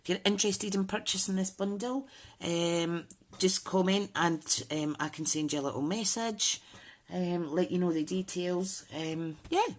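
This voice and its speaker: A woman's voice: lowish voice, a little slow. A woman hosting a casual crafting tutorial, chatting and thinking aloud with frequent ums. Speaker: papercraft channel host.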